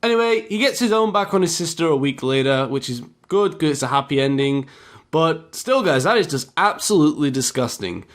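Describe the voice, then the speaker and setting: A man's voice: a little high, a little fast. Rambling man telling a story. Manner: rambling, animated retelling with fillers. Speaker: storytime vlogger. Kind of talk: casual storytelling.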